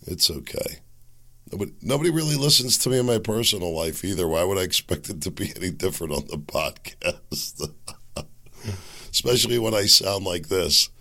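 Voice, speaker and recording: Male podcast host, hoarse, wry and self-deprecating, lower voice, rambling solo monologue. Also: expressive, moderate pace, pushed and bright.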